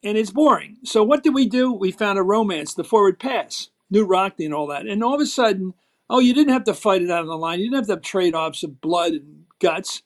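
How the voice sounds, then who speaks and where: A man's voice: high-pitched, expressive, a little fast. Emphatic older man with a Philadelphia accent. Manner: emphatic, storytelling, acts out quotes. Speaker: guest, former TV political host. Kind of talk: animated interview talk.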